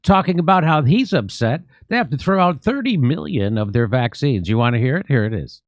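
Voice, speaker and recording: A man's voice: mid-range voice, animated, fairly quick, no room sound. A man hosting a show, giving sarcastic commentary with mocking asides. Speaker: show host.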